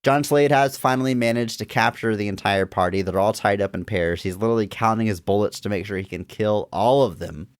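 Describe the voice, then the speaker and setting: Low-voiced man in relaxed podcast chat. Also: a little fast, hardly any pauses, no room sound, clean studio sound. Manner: relaxed, agreeable, chuckling asides. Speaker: podcast co-host. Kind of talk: casual movie review chat.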